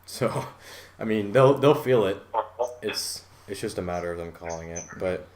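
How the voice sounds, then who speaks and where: A young man hosting a casual podcast, telling stories with a lot of laughter and sudden loud outbursts. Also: fairly low pitch, normal speed. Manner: laughing storyteller, bursts into loud voices. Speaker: podcast host. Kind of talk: casual group chat.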